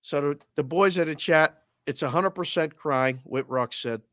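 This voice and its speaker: A man with a Boston accent co-hosting a casual sports show, telling an animated story over a video call and acting out both sides of the conversation. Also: fairly high pitch, normal speed, heavy background noise. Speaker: co-host of a sports betting show. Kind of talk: casual chat.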